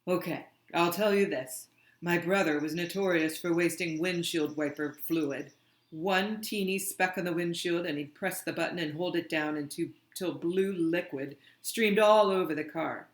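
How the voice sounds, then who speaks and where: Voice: medium pitch, normal speed, natural voice. A reader doing a blunt, weary woman driver. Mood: storytelling. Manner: blunt, clipped replies. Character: tough, weary adult woman driver from abroad. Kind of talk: audiobook reading. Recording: roomy, echoey room.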